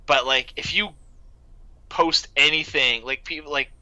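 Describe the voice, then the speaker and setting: A man's voice: fairly high pitch, measured pace, bright, forceful tone, no room sound, poor audio. A young man co-hosting a casual gaming podcast, rambling and stacking filler "like"s. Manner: rambling, fills talk with "like". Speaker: podcast co-host. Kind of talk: casual chat.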